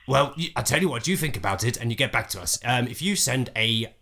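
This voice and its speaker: A man's voice: mid-range voice, lively intonation, brisk, vocal fry, crowd noise. A man voicing a pushy male fantasy insurance salesman in a prank phone call, with a raised, chirpy sales patter full of hesitations.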